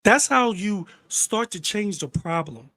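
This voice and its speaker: A man's voice: sits high, expressive, measured pace, bright, forceful tone, no echo. A man hosting a commentary channel, ranting bluntly and heatedly, swearing freely.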